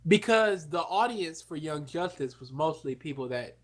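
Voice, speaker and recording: A young man co-hosting a casual podcast chat, excitable and prone to sudden loud outbursts. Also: on the high side, moderate pace. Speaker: podcast co-host.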